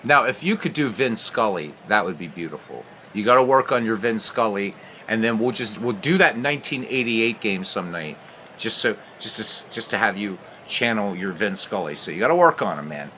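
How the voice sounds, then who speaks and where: A man hosting a baseball replay stream, calling the plays and chatting between pitches. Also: animated, normal speed, pushed and bright, a little hiss or hum. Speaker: play-by-play host. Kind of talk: baseball game replay commentary.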